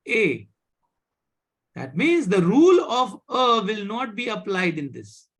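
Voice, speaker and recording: A teacher with an Indian accent giving a live online French class, speaking slowly, repeating words and checking with "right?". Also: medium pitch, very animated, fairly bright tone. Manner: slow, repeats words, asks "right?" often.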